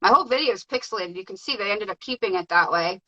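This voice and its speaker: A woman guest telling her story in a casual, excited way, with many fillers. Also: mid-range voice, quick pace, dull audio. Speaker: podcast guest.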